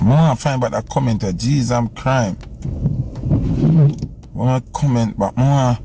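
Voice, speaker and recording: A man's voice: mid-range voice, moderate pace, pauses often, background noise. A man with a Jamaican accent chatting casually on a phone live stream, rambling and repeating himself while he scrolls through comments. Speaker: selector going live.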